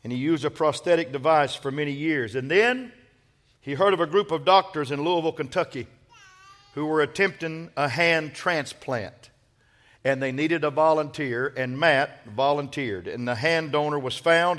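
A man's voice: fairly high pitch, normal speed. Man preaching a sermon to his church. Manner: preacher leading call-and-response, builds to loud emphatic peaks. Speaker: pastor. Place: church sanctuary.

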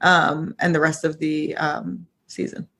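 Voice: mid-range voice, little pitch movement, measured pace, vocal fry, sharp tone, slightly rough. A podcast co-host musing casually about a TV series, hesitant with many ums.

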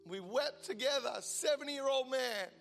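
A man in his forties preaching a sermon in a large church, shifting between fervent declarations and quiet, intimate appeals. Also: extremely high pitch, normal speed, vocal fry. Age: 40s. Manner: impassioned, swinging from loud declaration to hushed intimacy. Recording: large hall reverb with soft music behind.

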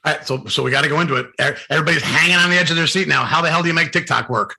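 A man's voice: on the high side, rapid-fire, vocal fry, noisy background. A man in his fifties hosting an interview, brash and joking, swearing casually. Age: 50s. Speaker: podcast host.

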